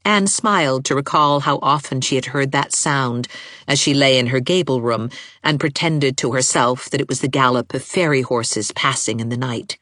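A woman narrating a novel as an audiobook, in measured, expressive storytelling. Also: rumbling low, no echo, clean studio sound. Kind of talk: scripted narration.

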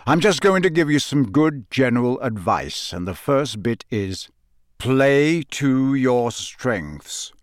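A man voicing a gruff, grizzled old wizard, blunt and suspicious, with a growling delivery. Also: mid-range voice, big pitch swings, takes it slowly, no room sound, clean studio sound.

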